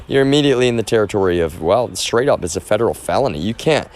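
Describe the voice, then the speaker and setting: Very deep-voiced man rambling insistently. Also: lively intonation, fast. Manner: rambling, with many restarts and repeated phrases; insistent, keeps stressing his point. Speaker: livestreamer. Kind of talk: casual unscripted monologue.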